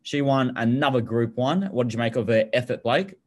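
A man's voice: medium pitch, steady tone, brisk, a little mellow. A young Australian man co-hosting a betting podcast, chatting loosely, laughing often and swearing casually. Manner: laid-back, laughs often, swears, repeats words. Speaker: podcast co-host. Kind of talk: casual chat.

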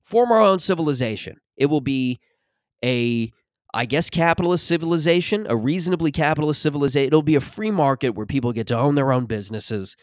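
With a fairly high voice and a slightly quick pace, a man in his thirties rants comically on his podcast, swearing, rambling and cutting himself off. The recording is dry and studio quality.

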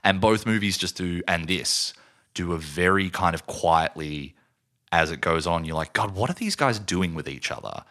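A man's voice: low voice, moderate pace. A man co-hosting a casual film podcast, talking at length about a movie and sometimes acting out scenes. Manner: animated, acts out scenes in put-on voices. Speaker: podcast co-host.

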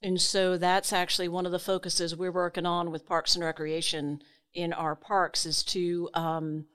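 Woman, 40s, from South Louisiana, smooth low-ish voice, informative guest. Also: flat delivery, normal speed, fairly bright tone. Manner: informative, easygoing. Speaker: guest, tree organization director. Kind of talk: casual interview talk.

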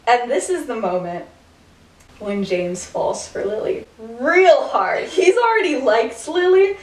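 Speaking slowly in a slightly high, expressive voice, a podcast co-host casually retells a story. Her telling rambles, packed with "like" fillers and frequent laughter, and the audio comes from a distant mic in an echoey room.

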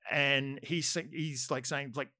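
A man's voice: mid-range voice, steady tone, a little slow, bright, forceful tone, dry recording, studio quality. A man with an Australian accent telling a long, rambling story, full of fillers. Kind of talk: casual chat anecdote.

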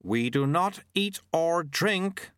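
A curt, suspicious auditor, played by a male narrator, speaking in slow, stiff, clipped phrases with no warmth. A close, dry reading. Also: on the low side, expressive, no room sound.

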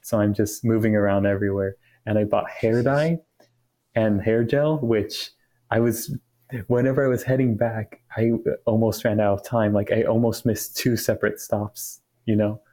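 A man's voice: fairly low pitch, fairly even intonation, normal speed, dark tone. A young man and podcast co-host telling a rambling story in casual chat, with many restarts. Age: young adult.

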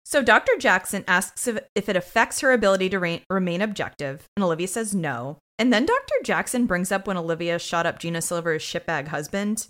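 A woman co-hosting a podcast, recapping an episode in a casual, animated way. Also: lowish voice, a little fast, hardly any pauses. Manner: animated storytelling with quoted voices. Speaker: podcast co-host.

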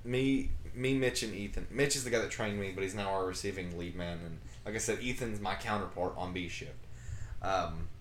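A man, co-hosting a podcast, telling a work story in a casual, animated way and laughing through it. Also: low voice, moderate pace, a little hiss or hum. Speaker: podcast co-host. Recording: roomy echo.

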